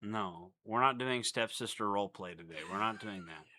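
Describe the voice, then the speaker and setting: A man's voice: fairly low pitch, moderate pace, bright, forceful tone, slight background noise. Joking young man streaming with his girlfriend. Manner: joking, laughs easily. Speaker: streamer host. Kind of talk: casual chat on a livestream.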